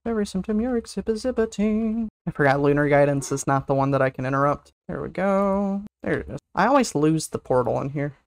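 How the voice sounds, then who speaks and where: A livestream host with a gravelly, medium-pitched voice chats briskly over online gameplay, barely pausing, with no echo. Chatty and teasing toward teammates, they hum and sing to themselves and let out excited whoops at good moments.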